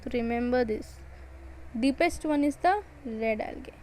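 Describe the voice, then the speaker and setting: A woman's voice: on the high side, measured pace, darkish tone, a little hiss or hum, poor audio. A woman with an Indian English accent giving an exam-prep biology lecture, repeating and stressing key points. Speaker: biology teacher.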